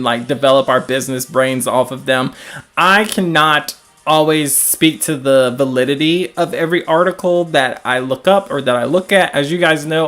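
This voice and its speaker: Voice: mid-range voice, a bit bright. A host with a Southern US accent in casual live commentary, chatting loosely and answering viewer comments, with lots of "like" fillers. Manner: frequent "like" fillers. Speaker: streamer commenting on news.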